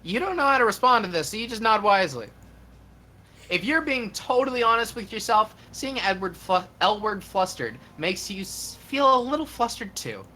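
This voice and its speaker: A streamer narrating a game on a live stream, reading with comic emphasis. The voice is bright and very animated, rising and falling all over. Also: medium pitch, normal speed.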